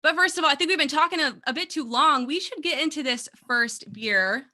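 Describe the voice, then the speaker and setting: Bright, upbeat woman co-hosting a podcast. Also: sits high, lively intonation, brisk. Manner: upbeat, chatty, laughs easily. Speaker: podcast producer and co-host. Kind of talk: casual podcast chat.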